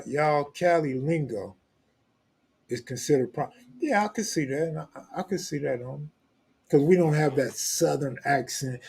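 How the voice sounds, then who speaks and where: A man's voice: mid-range voice, darkish tone, breathy edge. A man hosting a live stream, reading viewer comments in blunt, profane, joking street talk. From Los Angeles, California. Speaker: host.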